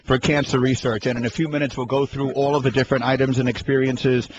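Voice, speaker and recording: A man hosting a sports talk radio show, giving earnest, measured introductions, heard over a dull broadcast with some hiss. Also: mid-range voice, little pitch movement. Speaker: host.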